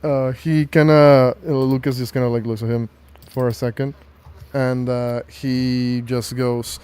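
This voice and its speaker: A man describes scenes as game master of a tabletop game. He hesitates a lot and fills gaps with ums and uhs. His voice is mellow and dark. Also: medium pitch, flat delivery, a little slow, clear, resonant tone. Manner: hesitant, lots of fillers.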